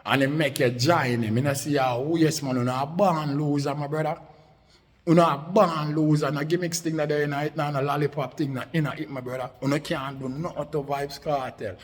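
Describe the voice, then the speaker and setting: A Jamaican man rants angrily at someone online in thick patois, cursing freely and talking down to him. His voice sits a little high for a man. The recording carries a long, hanging reverb. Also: fairly even intonation, brisk. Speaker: online commentator. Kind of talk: angry rant aimed at a rival.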